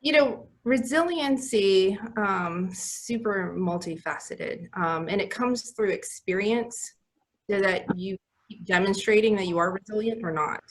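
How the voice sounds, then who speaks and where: A woman speaking as a healthcare leader on a panel, direct and reflective. Her voice sits at a middle pitch, and she talks over a video call. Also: measured pace.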